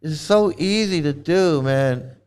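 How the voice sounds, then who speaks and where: A male host delivers livestream commentary with emphatic exasperation. He hammers the same phrases again and again and swears freely. His voice is fairly high, smooth and clear. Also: takes it slowly, darkish tone. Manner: emphatic, exasperated, repetitive, profane.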